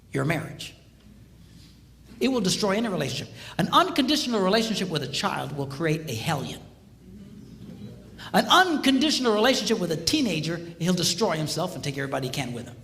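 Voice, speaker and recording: An older man with a high, lively voice delivers a marriage seminar, swinging between stories and firm advice. The talk is recorded in a hall with a long reverb trailing his words. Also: vocal fry, a little hiss or hum. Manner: animated storytelling, acts out voices.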